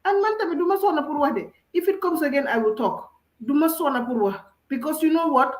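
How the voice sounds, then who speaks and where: A woman arguing passionately in a discussion, emphatic and forceful, slipping into Wolof phrases. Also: sits high, fast, reverberant, rough recording. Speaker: discussion panelist.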